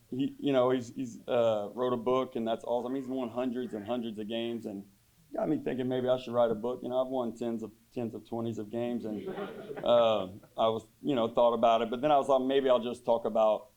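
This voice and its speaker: A man, a high school football head coach, giving a deadpan joking banquet speech full of rambling fillers.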